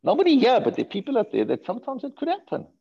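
A man giving a Torah lecture in a lively voice that rises and falls. He sounds gravelly and a little husky, and he keeps asking questions and repeating words. The recording is dull and lo-fi. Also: very high voice, rapid-fire. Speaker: rabbi teaching a class.

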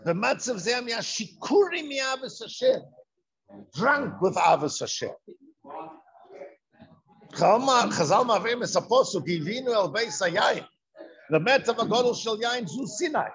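A man giving a lively Torah lecture, firing rhetorical questions and answering them himself. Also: very high-pitched. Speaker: Torah teacher. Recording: dull lo-fi recording.

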